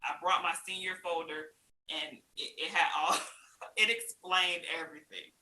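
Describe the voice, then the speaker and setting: A woman guest telling her story in a casual interview, animated, acting out other people's lines and laughing often. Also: fairly low pitch, moderate pace. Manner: laughs often while talking. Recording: roomy with faint hiss.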